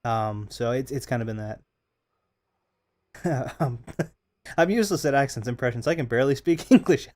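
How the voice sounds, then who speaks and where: Hoarse, rambling male game streamer. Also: mid-range voice, expressive, normal speed, long pauses, darkish tone. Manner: rambling, self-correcting, chatty with viewers. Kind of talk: casual live-stream chat over gameplay.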